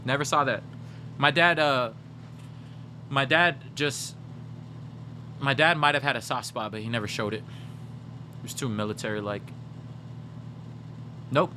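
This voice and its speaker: A man's voice: mid-range voice, moderate pace, pauses often, background noise. A man streaming a video game, telling stories animatedly and swearing, talking straight to his chat and answering their messages. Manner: animated storyteller, swears, addresses chat directly. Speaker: gaming livestreamer. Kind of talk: casual livestream chat.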